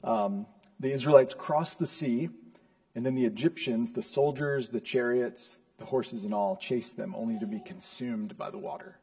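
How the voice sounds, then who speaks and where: A man preaching a sermon from the pulpit. His voice sits at an ordinary pitch, and his delivery is earnest, building from measured explanation to emphatic high points. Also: darkish tone. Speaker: pastor.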